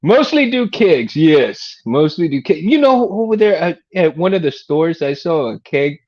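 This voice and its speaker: A man's voice: a little high, very animated, normal speed, lo-fi sound. A middle-aged man hosting a casual livestream, rambling in a laid-back way, laughing often and calling people "man" and "dude". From Texas. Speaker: livestream host.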